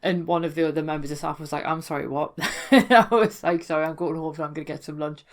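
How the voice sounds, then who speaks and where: A woman with a broad Geordie accent talks through local words in a casual, educational way. Her voice sits a little low for a woman. She is chatty and amused and often corrects herself partway through a sentence. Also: fast. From North East England. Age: adult, worked in London before. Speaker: folklore blogger explaining dialect.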